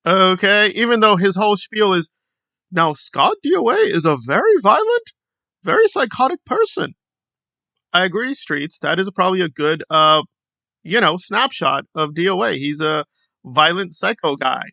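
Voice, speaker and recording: A sarcastic man hosting a commentary vlog, with a bright, crisp voice and a lively, swooping delivery. He mocks the people he covers and acts out their quotes, and his voice sounds dry and close to the mic. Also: high-pitched, moderate pace, no echo. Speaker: commentary channel host.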